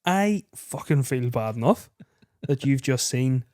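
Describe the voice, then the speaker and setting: A man's voice: mid-range voice, measured pace. A man, co-hosting a podcast and telling comic stories with lots of swearing, laughter and acted-out voices. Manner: animated anecdote-telling, heavy swearing, laughs mid-story, acts out others' lines. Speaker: podcast co-host. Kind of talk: casual chat, comic storytelling.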